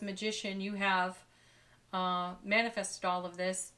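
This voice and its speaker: A woman giving a daily tarot card reading, speaking softly and warmly with gentle enthusiasm and frequent light laughs. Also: mid-range voice, flat delivery, unhurried. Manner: soft, spiritual, gently enthusiastic, laughs often.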